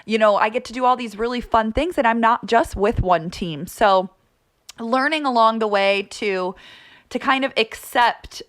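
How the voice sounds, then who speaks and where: A woman's voice: fairly high pitch, normal speed, fairly bright tone. A young woman, a sports broadcaster, chatting casually as a podcast guest in an upbeat, talkative way, laughing easily.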